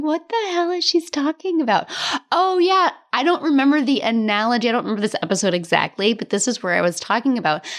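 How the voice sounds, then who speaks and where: Chatty woman podcast host coaching. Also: medium pitch. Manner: chatty and animated, laughs often; tough-love directness, casual swearing. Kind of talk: casual solo podcast talk.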